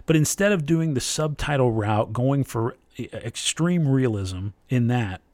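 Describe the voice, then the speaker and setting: A man's voice: medium pitch, lively intonation, a little slow, a little mellow, no echo. A man talking through a review of a TV miniseries in a conversational, opinionated way, thinking aloud as he goes. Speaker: TV and film reviewer. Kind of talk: casual spoken review.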